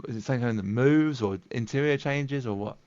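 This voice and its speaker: A man's voice: mid-range voice, a little fast, a little mellow, dry recording. Inquisitive man on a dull, dry mic. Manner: inquisitive, chimes in with questions and agreement. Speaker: podcast co-host. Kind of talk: casual gaming podcast chat.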